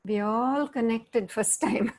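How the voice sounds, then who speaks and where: A woman's voice: fairly high pitch, unhurried, vocal fry, a little mellow. A middle-aged woman leading an interactive online talk. She keeps asking the audience questions and acts out different tones of voice. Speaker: workshop facilitator.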